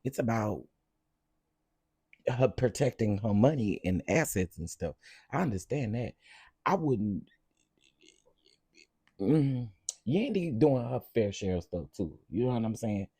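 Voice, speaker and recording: A man hosting a live stream of reality TV gossip, talking in a sassy, expressive way straight to his viewers. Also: on the low side, a little slow, long pauses, slightly rough, dry recording, clean studio sound.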